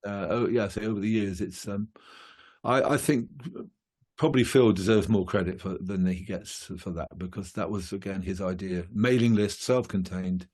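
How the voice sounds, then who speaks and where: A man's voice: fairly low pitch, normal speed, a little mellow. A male musician chatting casually in an interview, rambling with many fillers and restarts. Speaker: guest musician.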